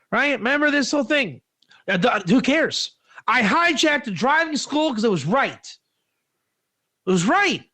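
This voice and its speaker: A man giving an informal religious teaching, conversational and animated, with rhetorical questions. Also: very high-pitched. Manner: animated, acts out quoted dialogue. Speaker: teacher of Proverbs.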